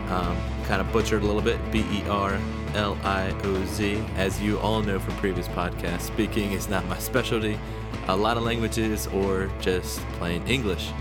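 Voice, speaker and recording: Low-voiced laid-back man hosting a podcast. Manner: easygoing, rambling, self-deprecating. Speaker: podcast host. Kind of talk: casual podcast chat.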